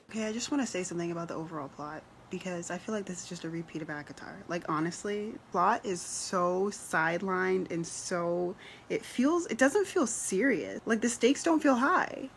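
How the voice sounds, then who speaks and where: A woman's voice: fairly low pitch, sing-song, normal speed, a little hiss or hum. A young woman filming a casual book vlog, gushing and emotional, often laughing as she talks. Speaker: book vlogger. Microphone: camera mic.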